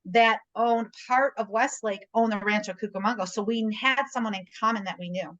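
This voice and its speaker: A woman's voice: medium pitch, normal speed, fairly bright tone, highs cut off. A middle-aged woman, a guest realtor, chatting casually on a video call and telling stories, often checking in with "right?". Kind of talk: casual conversation.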